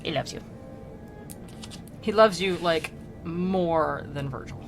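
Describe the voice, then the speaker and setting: A woman's voice: lowish voice, takes it slowly, faint music behind. A young woman streaming, chatting casually and comically about an old poem, giggling and slipping into silly character voices. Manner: bubbly, giggly, full of likes, acts out characters in silly voices. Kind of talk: casual comedic chat about a classic poem. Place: home streaming setup.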